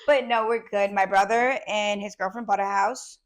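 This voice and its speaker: A woman's voice: medium pitch, fairly even intonation, normal speed. A young woman with a heavy New England accent, co-hosting a podcast in casual, slangy, joking chat. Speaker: podcast co-host.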